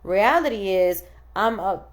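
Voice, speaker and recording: A woman's voice: mid-range voice, lively intonation, a little slow. A woman in her thirties hosting a casual chat, telling stories animatedly and acting out quoted dialogue. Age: 30s. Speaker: podcast host.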